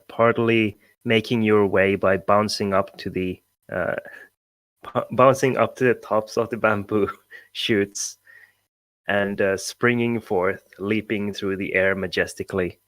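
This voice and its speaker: Slow, low-voiced male game master. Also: fairly even intonation, a bit bright, dry recording. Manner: unhurried, chuckling narration. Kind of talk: narrating a tabletop game.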